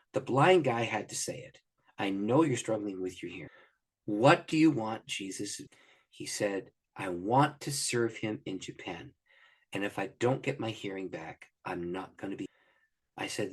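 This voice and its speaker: A man's voice: on the low side, husky. A middle-aged man, a pastor, animatedly telling a story as a guest on an interview podcast, acting out the dialogue. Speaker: guest, pastor and prayer minister.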